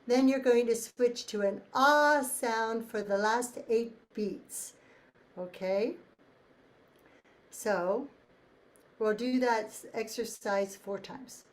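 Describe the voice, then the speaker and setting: A woman leading a choir through breathing warm-ups, counting beats and giving calm instructions. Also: a little high, takes it slowly, long pauses. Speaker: choir leader. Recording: faint ticking metronome.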